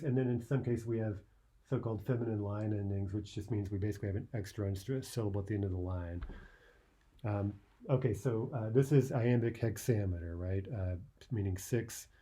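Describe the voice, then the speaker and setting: A man's voice: fairly low pitch, warm tone, husky. A man teaching a poetry lesson, thinking aloud with many "uh"s and "right?"s as he explains a poem line by line.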